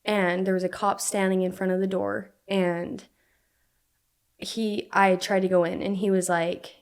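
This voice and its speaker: A young woman from Utah speaks as a podcast guest, telling her story conversationally. She talks in halting bursts, leaning on "like" again and again. Her pitch sits in an ordinary middle range. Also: level tone, smooth. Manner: halting, filler-heavy speech with frequent "like".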